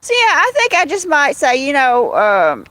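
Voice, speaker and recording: A woman's voice: high voice, huge pitch swings, normal speed, sharp tone. A woman with a Southern US accent hosting a casual livestream, rambling, greeting viewers by name and laughing often. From Southern United States. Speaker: livestream host.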